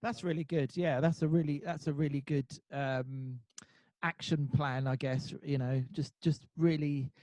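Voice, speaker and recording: Hesitant man with a mellow, dry voice. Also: fairly high pitch, steady tone, a little slow, no echo. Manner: hesitant, many repeats and fillers. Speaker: interviewer. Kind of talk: casual interview talk.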